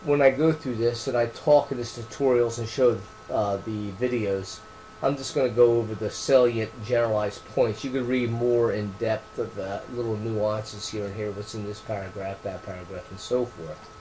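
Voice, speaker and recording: Speaking at a moderate pace and medium pitch, a man describes his training book in an informal, off-the-cuff way. His delivery is earnest and wandering, full of restarted phrases and shifts from quiet trailing words to sudden loud emphasis. It's a rough recording with a bit of background noise.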